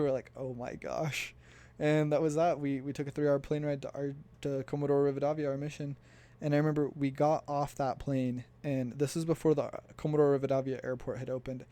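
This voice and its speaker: Mellow-voiced young man telling stories. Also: fairly high pitch. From United States. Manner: chatty, laughs while recounting. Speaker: vlogger. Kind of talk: casual storytelling.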